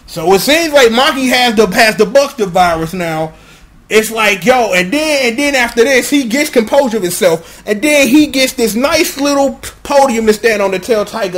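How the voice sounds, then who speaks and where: A man's voice: very high-pitched, animated, moderate pace, a bit bright. A man casually recapping a show episode, rambling in slang and acting out the scenes. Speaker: episode commentator.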